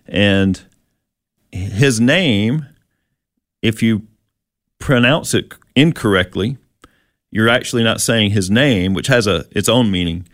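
A man's voice: on the low side, slow pace, pauses often, no room sound, studio quality. A man co-hosting a casual Bible teaching chat, explaining verses with plenty of fillers and restarts. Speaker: co-host.

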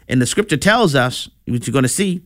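A man preaching a sermon, in a conversational style with animated asides. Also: mid-range voice, brisk, no echo, studio quality.

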